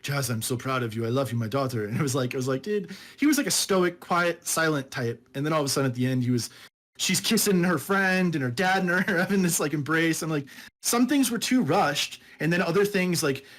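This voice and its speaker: A man with a somewhat high voice talks loosely in a casual podcast chat. He rambles, laughs often and drops "dude" into his talk as he reviews a book with a friend. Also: animated, brisk, fairly bright tone. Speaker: podcast co-host.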